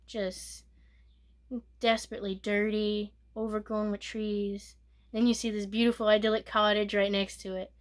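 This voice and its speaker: A woman giving a soft-spoken ASMR movie recap, rambling and correcting herself, sometimes dropping to a whisper. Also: mid-range voice, level tone, moderate pace. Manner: rambling, self-correcting retelling with filler "like". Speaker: movie reviewer.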